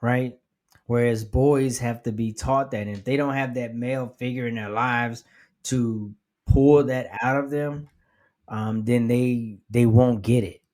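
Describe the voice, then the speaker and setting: Slow, halting man hosting a podcast. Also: medium pitch, fairly even intonation, darkish tone. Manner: slow, halting, repeats words. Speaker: podcast host. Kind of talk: casual podcast conversation.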